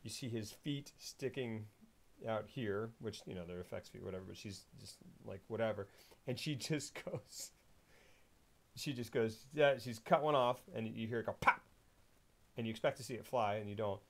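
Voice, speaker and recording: Animated man retelling film scenes. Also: fairly low pitch, moderate pace, creaky. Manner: animated retelling, acting out scenes with sound effects and voices. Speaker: podcast host. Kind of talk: casual film discussion.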